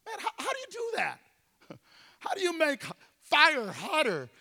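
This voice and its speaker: A fervent pastor preaching and telling a story to his congregation, rising to shouts. His voice sits strikingly high for a man. The church hall answers with a long, ringing reverb. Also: wildly swooping pitch, measured pace. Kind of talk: sermon. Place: church sanctuary.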